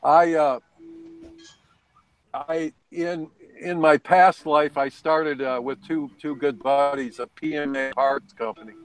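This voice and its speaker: A man's voice: a little high, steady tone, takes it slowly, clear, resonant tone, no echo, faint music behind, low-quality recording. A man on a video call, chatting casually and rambling through anecdotes with chuckles. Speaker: guest on a hobby video hangout. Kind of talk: casual storytelling chat.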